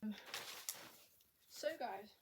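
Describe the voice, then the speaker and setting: Talking extremely slowly against background noise, a young woman records a vlog on a tablet at home. She's chatty and pokes fun at herself, a little out of breath, and half-whispers much of the time.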